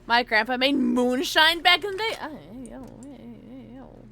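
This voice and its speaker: A young woman streaming a game, bubbly and tipsy, chatting excitedly with her viewers and squealing often. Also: high voice, moderate pace, slight background noise. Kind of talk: casual live-stream chat while gaming.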